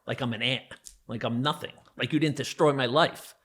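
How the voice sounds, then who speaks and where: A man's voice: mid-range voice, fairly quick, fairly bright tone, breathy edge. A middle-aged man from New Jersey, a podcast guest, telling a personal story in an intense, emphatic way. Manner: intense, emphatic, vivid retelling of a violent memory.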